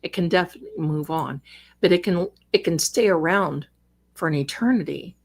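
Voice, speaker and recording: A woman hosting a casual livestream from home, chatting with viewers at a desk microphone, rambling warmly and calling them darling and sister. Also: lowish voice, moderate pace, gravelly. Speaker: livestream host and psychic reader. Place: home, cat on her lap.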